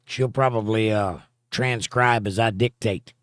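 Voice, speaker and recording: A man's voice: lowish voice, unhurried, no echo. Casual man reading chat on a livestream. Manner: reads viewer comments aloud and chats back in a relaxed way. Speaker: livestream host.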